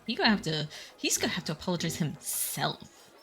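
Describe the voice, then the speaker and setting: A hoarse woman giving chatty, wry commentary while playing a story game. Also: on the low side, very animated, a little fast, bright, forceful tone, faint music behind. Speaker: gaming streamer.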